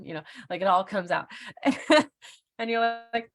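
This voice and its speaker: A woman's voice: mid-range voice, normal speed. A middle-aged woman hosting an online workshop in a casual, chatty way, laughing often and using lots of fillers. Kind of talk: casual live presentation.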